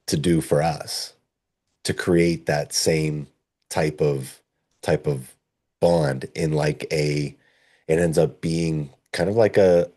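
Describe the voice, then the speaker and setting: A man's voice: extremely low pitch, dark tone. A man hosting a conversation, reflecting thoughtfully and searching for his words.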